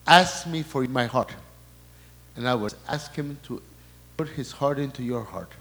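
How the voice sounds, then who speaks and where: Halting male priest in an echoing hall. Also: mid-range voice, a bit bright. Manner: halting, restarts and repeats words, relays quoted messages. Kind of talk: sermon talk.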